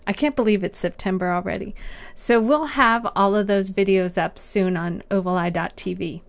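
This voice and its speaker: A woman's voice: medium pitch, normal speed, gravelly. A middle-aged woman co-hosting a business talk show, chatting casually and laughing often. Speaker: podcast co-host. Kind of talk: casual chat.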